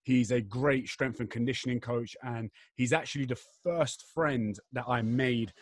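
A man's voice: mid-range voice, normal speed, no room sound. A young English man hosting a podcast, chatting casually in a rambling, slangy way with his friend. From England. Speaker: podcast host. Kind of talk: casual chat.

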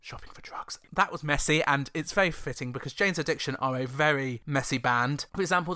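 Bright-voiced sarcastic man. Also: fairly high pitch, no room sound, studio quality. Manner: sarcastic, gossipy asides. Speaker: chart show host. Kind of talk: casual comedic chart commentary.

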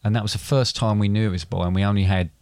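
A middle-aged man co-hosting a podcast, telling a family story in a halting, repetitive way. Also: on the low side, fairly even intonation, a little mellow, no echo, studio quality. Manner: hesitant, repeats words, gets choked up. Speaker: podcast co-host, father. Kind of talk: casual storytelling chat.

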